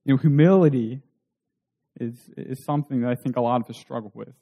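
A man's voice: mid-range voice, fairly quick, warm tone. A man preaching a sermon in an earnest way, asking rhetorical questions.

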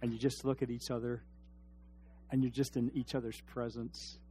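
A man preaching a sermon, dropping to a near hush and then rising to loud, emphatic shouts, and putting questions to his congregation. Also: medium pitch, flat delivery, normal speed, faint music behind. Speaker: pastor.

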